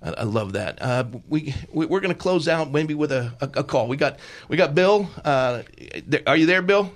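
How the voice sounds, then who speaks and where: A man's voice: on the high side, animated, moderate pace. A man, guest-hosting a talk radio show and telling stories in an earnest, emphatic way. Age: 50s. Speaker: guest radio host and pastor.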